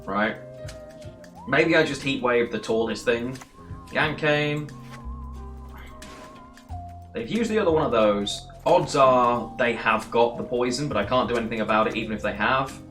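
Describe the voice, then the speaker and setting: A man's voice: medium pitch, measured pace, long pauses, fairly bright tone, soft background music. A man giving casual, rambling gameplay commentary while streaming and answering chat between plays. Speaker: streamer playing a card game.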